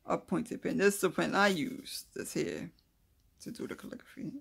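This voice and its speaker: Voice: mid-range voice, moderate pace, vocal fry, a bit bright, breathy edge. An adult host giving a casual calligraphy tutorial, reading notes aloud and then chatting loosely while demonstrating, with mumbled asides while drawing. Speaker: craft video host.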